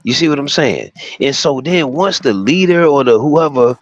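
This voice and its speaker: A man hosting a livestream, reading a text aloud and breaking off into loud, profane commentary. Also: mid-range voice, moderate pace, highs cut off. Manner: animated, profane, reads a text aloud and riffs on it. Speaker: livestream host.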